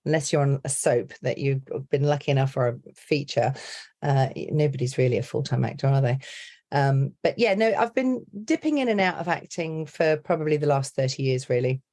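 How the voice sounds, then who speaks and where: A middle-aged English woman with an English accent, chatting as a podcast guest and telling stories in a lively, animated way. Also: very deep voice, brisk. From England. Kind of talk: casual interview chat.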